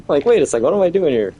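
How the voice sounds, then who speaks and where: Husky and a little high, a man's voice drifts through relaxed, rambling talk with viewers as he streams a game, offering casual gameplay commentary.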